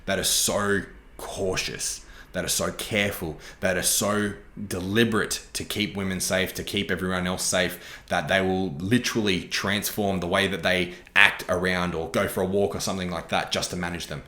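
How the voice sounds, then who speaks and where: A man's voice: sits low, fairly even intonation, moderate pace, sharp tone, echoey room. A young Australian man hosting a podcast, talking earnestly and openly in a reflective solo monologue, swearing casually along the way. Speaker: podcast host.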